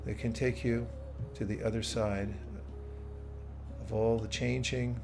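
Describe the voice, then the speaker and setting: A man teaching bhakti yoga, guiding a slow, soothing meditation. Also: mid-range voice, little pitch movement, gravelly. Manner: slow, soothing guidance with playful asides. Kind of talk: guided meditation with live chat. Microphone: streaming setup, own audio controls. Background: soft soothing music.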